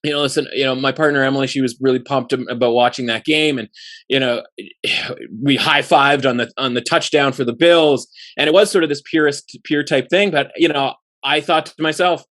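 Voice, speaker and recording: This man talks at a middling pitch in a relaxed podcast chat. He wanders through long, rambling thoughts and piles on fillers as he goes. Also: fairly quick. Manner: rambling, heavy on fillers like "you know" and "like". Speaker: sports betting podcast co-host.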